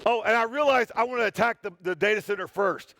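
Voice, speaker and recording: A man telling an animated, joking story during a conference talk on stage, often poking fun at himself. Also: high voice, fast talker, no echo. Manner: animated, joking, self-deprecating. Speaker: security tester giving a talk. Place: stage in a hall.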